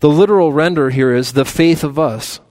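Preacher guy, kinda high voice, gets loud and punchy then drops down, repeats lists. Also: moderate pace. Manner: builds to loud emphatic peaks, then drops low; repetitive lists, restarts mid-word. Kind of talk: sermon.

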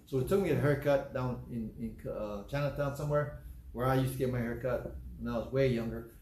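A man preaching a sermon, earnest and deliberate, repeating key phrases slowly for emphasis. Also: mid-range voice, steady tone, a little mellow. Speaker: pastor. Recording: echoey room with faint background noise.

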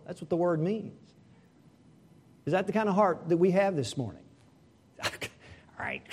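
A man preaching a sermon, animated and asking the congregation rhetorical questions. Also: high-pitched, a little slow, long pauses, slightly rough. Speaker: pastor.

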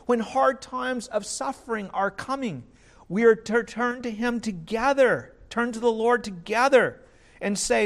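A man's voice: extremely high pitch, a little slow, a bit bright. A man preaching a sermon in an earnest way, often restarting and repeating words.

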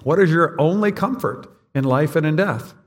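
A male pastor preaches in a relaxed, conversational way, talking straight to the congregation. His voice sits a little higher than most men's, and a long reverb trails each phrase through the church hall. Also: moderate pace. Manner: conversational, direct address to congregation. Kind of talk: sermon. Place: church sanctuary.

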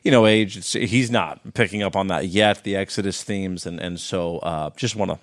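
A man in his thirties hosting an interview, speaking appreciatively and a bit haltingly. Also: low-pitched, no echo, clean studio sound. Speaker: interview host. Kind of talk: conversational interview.

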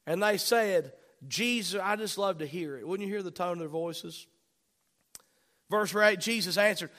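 Speaking at a moderate pace, a high-voiced male pastor gives a fervent sermon. Loud, urgent outbursts give way to soft, quiet asides and back again.

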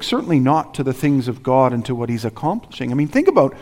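A man's voice: mid-range voice, animated, quick pace, few pauses, a little mellow. A man preaching a sermon as pastor, earnest and driving his points home with repeated rhetorical questions. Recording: reverberant hall.

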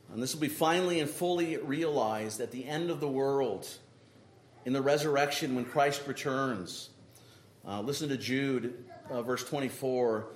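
A man preaching a sermon, emphatic, often checking in with the congregation with a quick "right?". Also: mid-range voice. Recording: echoey room with faint noise.

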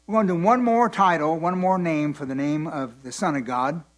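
A man teaching from the Bible in a slow, deliberate way, repeating his points and letting the congregation fill in words, his voice tired at the end of the day. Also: a little high. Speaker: preacher.

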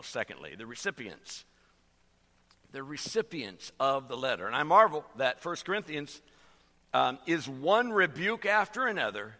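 A man preaching a sermon as pastor, halting with many fillers and restarts as he explains a verse. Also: fairly high pitch, pushed and bright, big-room sound.

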